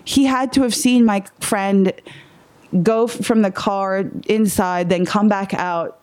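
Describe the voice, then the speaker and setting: A woman comedian telling a frightening personal story in a casual interview, animated, laughing often and swearing. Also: mid-range voice, takes it slowly, dry recording. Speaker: guest comedian.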